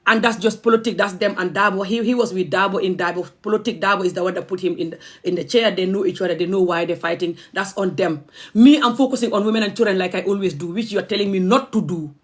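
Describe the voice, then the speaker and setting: A woman's voice: mid-range voice, quick pace. A young adult woman from the Gambia, ranting angrily on a livestream. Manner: impassioned, angry, confrontational. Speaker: vlogger. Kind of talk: livestream rant.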